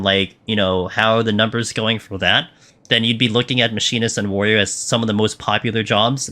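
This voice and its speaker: Young man, game streamer, lowish pitch, bright tone, casual live commentary, chatty. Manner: chatty, answers chat questions, frequent fillers.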